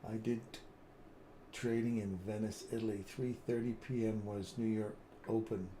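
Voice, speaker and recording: A man's voice: on the low side, flat delivery, normal speed, mellow, slight background noise. A man hosting a live trading stream, chatting casually and telling rambling stories with frequent chuckles, then thinking aloud through chart analysis.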